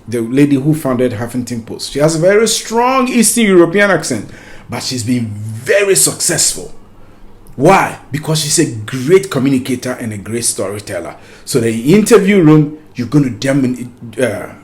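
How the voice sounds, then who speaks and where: Lively man giving career advice. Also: fairly high pitch. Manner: lively, repeats words, restarts phrases. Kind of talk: unscripted talk to camera.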